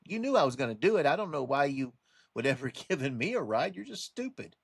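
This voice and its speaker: A man's voice: sing-song, quick pace, creaky, husky, dry recording, studio quality, full character voice. A man voicing a sly male scorpion from a told fable, in a raised, smug, wheedling voice. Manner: smug, wheedling, high and pushed.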